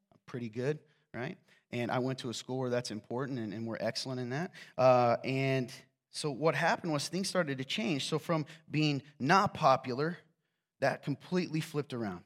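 Preaching in a mid-range, fairly bright voice, this middle-aged Eastern Kentucky pastor has a slight Southern Appalachian accent. He delivers his sermon like a conversation, telling stories and poking fun at himself.

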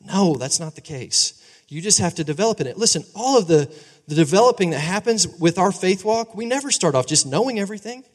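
Animated pastor preaching in an echoing hall. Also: male voice, sits high, fairly quick. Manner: animated, conversational, asks the crowd for agreement. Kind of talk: sermon. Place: church sanctuary. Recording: long reverb of a large hall.

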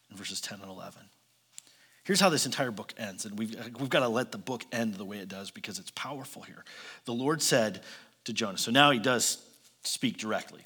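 A man preaching a sermon, retelling a Bible story with sarcasm and acted-out voices, swinging between loud and hushed. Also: mid-range voice. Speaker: pastor.

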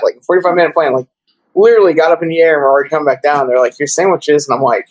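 A man's voice: fairly high pitch, rapid-fire, poor audio. A man telling travel stories in casual chat, rambling with lots of fillers.

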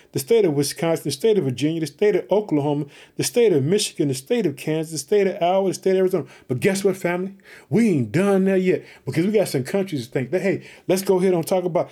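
Fired-up Chicago preacher, husky and mellow. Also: male voice, fairly high pitch. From Chicago, Illinois. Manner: fervent, repetitive call-outs to listeners. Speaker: podcast preacher. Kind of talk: sermon.

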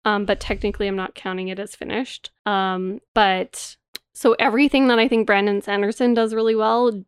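A woman's voice: mid-range voice, fairly even intonation, normal speed, clean tone, dry recording, clean studio sound. A young adult woman co-hosting a book podcast, chatting casually and retelling scenes with lots of "like" and exasperated asides. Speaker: podcast co-host.

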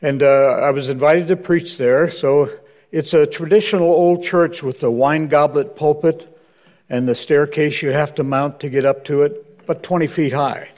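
A man's voice: a little high, fairly even intonation, moderate pace, a little mellow. A man preaching as a guest, telling anecdotes with humor and driving home his points with emphasis. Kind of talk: sermon.

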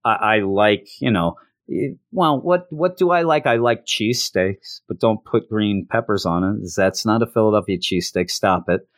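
A man's voice: on the low side, moderate pace, dry recording, clean studio sound. A man hosting a solo comics review podcast, talking in a sarcastic, rambling, jokey way.

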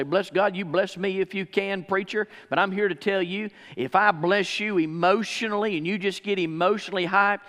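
A middle-aged man with a drawl preaches in a church sanctuary, his voice pitched high for a man. He swings between hushed, confiding teaching and loud, fervent exclamation. The sound carries a long, hanging reverb from the large room. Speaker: pastor. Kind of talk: sermon.

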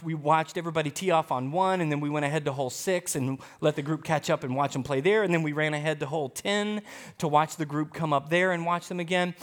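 A man pastor preaching a sermon, telling a story in an animated, emphatic way. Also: on the high side, in a large hall.

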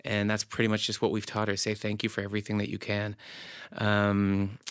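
Guy w a lowish voice, laid-back churchy podcast chat, dry room. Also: completely flat delivery, fairly quick, smooth, dry recording. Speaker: church staff member. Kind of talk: casual podcast conversation.

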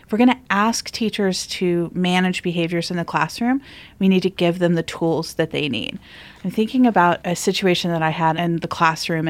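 Low-voiced woman podcast host. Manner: lively anecdotes with fillers. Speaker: podcast host, former teacher. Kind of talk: conversational podcast storytelling.

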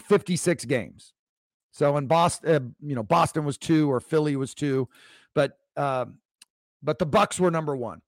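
A man's voice: fairly high pitch, no echo. A man talks alone into a close, dry microphone as host of a coaching podcast. His storytelling rambles and restarts, and his voice swings up sharply whenever he stresses a point. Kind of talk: solo podcast monologue.

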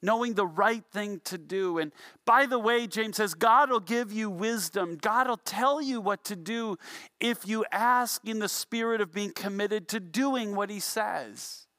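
High, bright-voiced middle-aged male pastor. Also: unhurried, dry recording, clean studio sound. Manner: relaxed storytelling with self-deprecating humor. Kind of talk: conversational sermon.

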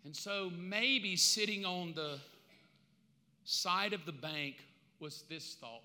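A middle-aged man preaching a sermon as pastor, impassioned and conversational, with dramatic pauses. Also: high-pitched, bright, forceful tone, in a large hall. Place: church sanctuary.

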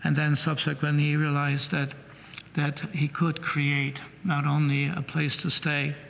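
A man's voice: on the high side, level tone, measured pace, vocal fry, fairly bright tone, a little hiss or hum. A man preaching a sermon in a conversational style, often restarting and repeating his phrases. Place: church. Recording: long reverb in a church, faint ambience.

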